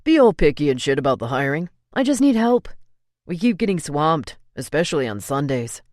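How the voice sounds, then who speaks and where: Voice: mid-range voice, sing-song, a little fast, dry recording, clean studio sound, close to an everyday voice. A narrator voicing a blunt young man who manages a restaurant and swears casually, read in an audiobook. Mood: urgent.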